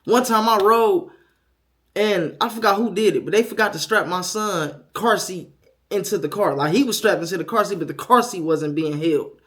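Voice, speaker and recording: A young man opens up on camera about becoming a father for the first time, frank and foul-mouthed, going from quiet self-doubt to loud, animated storytelling. His voice sits high and he keeps a moderate pace.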